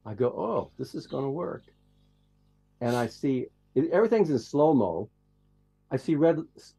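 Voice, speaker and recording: Male truck driver guest, mellow tone, profane rambling storyteller. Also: medium pitch. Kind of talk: casual storytelling.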